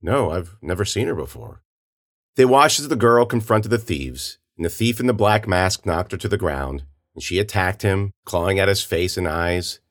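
Low-voiced male story narrator. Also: moderate pace, few pauses. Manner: steady storytelling, does character voices. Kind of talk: audiobook narration.

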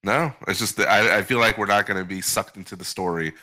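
A low-pitched man with a bright, forceful edge to his voice trades banter on a casual podcast. He needles his co-host with cheeky, provocative questions. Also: fast. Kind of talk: casual crypto news chat.

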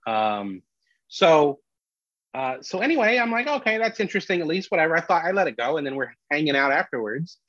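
A man, a comedian, telling a story in casual podcast chat, animated and full of restarts. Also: fairly high pitch, a little fast, no room sound. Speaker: comedian guest. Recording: dull lo-fi dry sound.

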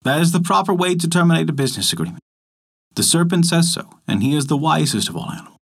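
A man's voice: on the high side, animated, fast talker, creaky, husky, heavily acted. A man voicing a sly, peevish female cat in a storybook tale, speaking primly. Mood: scheming.

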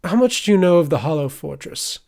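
A man's voice: fairly high pitch, expressive, a little fast, vocal fry, darkish tone, pitched above the performer's own voice. A man performs a scheming older tracker in a sly, menacing tone. The voice is lifted noticeably above his usual one. It belongs to a fantasy audiobook.

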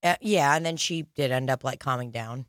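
A woman's voice: rumbling low, fairly quick, dry recording, studio quality. A young woman in casual chat, crude and joking, rambling with many fillers. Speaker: podcast co-host.

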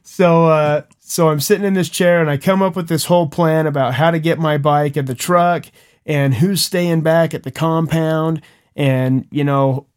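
A young man co-hosting a podcast, telling a personal story in casual chat, earnest and animated with chuckles and restarts. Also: on the high side, moderate pace, smooth. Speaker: podcast co-host.

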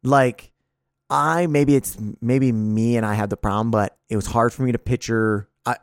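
A man co-hosting a podcast, chatting loosely with a mid-pitched voice. He rambles and restarts his sentences, laughs easily, and lets a swear slip. The sound is dry and close, with no room echo. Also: steady tone, moderate pace. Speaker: podcast co-host. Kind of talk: casual chat.

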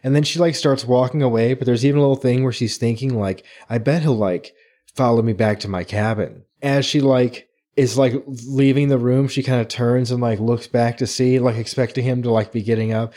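A man co-hosting a podcast, casually retelling book scenes with lively acted-out quotes and frequent laughter. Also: medium pitch, brisk, hardly any pauses. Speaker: podcast co-host.

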